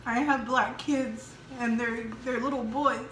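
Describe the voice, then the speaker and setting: A woman co-hosting a casual mukbang vlog, talking openly and emotionally in halting restarts. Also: on the high side, steady tone, a bit bright, slight background noise. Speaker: vlog co-host. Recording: echoey room.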